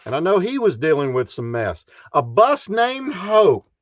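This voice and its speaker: Guy chatting on his stream, folksy, lots of chuckles, high voice, kinda dull lo-fi mic. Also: big pitch swings, unhurried, dry recording. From Texas. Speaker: live stream host. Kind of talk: casual live stream chat.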